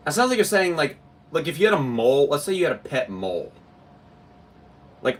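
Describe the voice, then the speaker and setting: A man's voice: on the high side, sing-song, brisk, pauses often, recorded from a distance. A young man streaming live, ranting to his chat in a casual, incredulous way and laughing as he goes.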